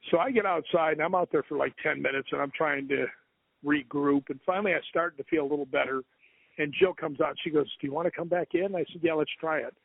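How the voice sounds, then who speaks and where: A man with a fairly high voice tells a long, rambling ghost story as an interview guest. He acts out the other people's lines as he goes. The sound is thin and phone-like, with no room at all. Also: quick pace, vocal fry, no echo. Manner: rambling, animated retelling with quoted dialogue. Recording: tinny phone line, dry.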